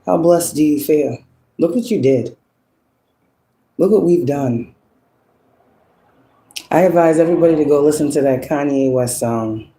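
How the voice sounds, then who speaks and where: A woman's voice: sits low, warm tone, roomy sound, slight background noise, poor audio. A woman giving a casual spiritual monologue, preachy and profane, asking rhetorical questions and laughing often. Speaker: spiritual influencer.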